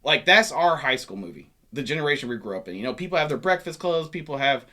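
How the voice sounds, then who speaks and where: A man's voice: medium pitch, sing-song, fast, bright, forceful tone. A man in his thirties co-hosting a casual movie chat, profane and teasing. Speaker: co-host.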